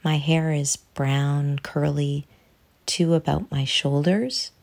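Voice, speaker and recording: Forties woman, really low gravelly voice, mellow and calm. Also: slow. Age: 40s. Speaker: stage actor. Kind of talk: scripted self-description.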